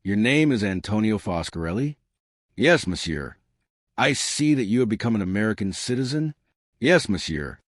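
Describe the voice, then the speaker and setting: Male narrator as a precise, polite Belgian detective; measured and shrewd, dry studio sound. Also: on the low side, big pitch swings, no room sound.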